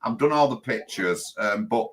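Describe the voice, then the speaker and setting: A man's voice: mid-range voice, animated, moderate pace, fairly bright tone, slight background noise, low-quality recording. A man, hosting a casual panel chat and jumping in eagerly with ideas. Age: 50s. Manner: enthusiastic, repetitive, interrupts. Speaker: party leader and host.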